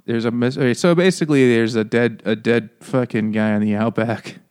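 A man's voice: mid-range voice, steady tone, a little fast, a little mellow, smooth. A man co-hosting a podcast in casual chat, joking and rambling as he sums up a book. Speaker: podcast co-host.

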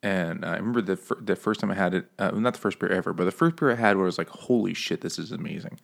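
A man's voice: low-pitched, racing, gravelly. A man, co-hosting a casual book chat over beers, rambling and laughing often at his own jokes. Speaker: podcast co-host.

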